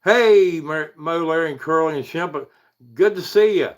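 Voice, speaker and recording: A man's voice: on the high side, normal speed, poor audio. A man from Virginia with an Appalachian hill accent, chatting casually on a livestream, rambling and chuckling as he reads out viewers' names. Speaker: paranormal livestream host.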